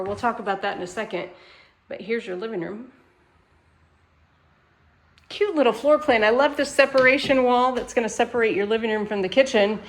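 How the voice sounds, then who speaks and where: A woman who manages a mobile home sales lot, chatting in an upbeat way while she walks viewers around a home, outside and then inside. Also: on the high side. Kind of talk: casual home walkthrough.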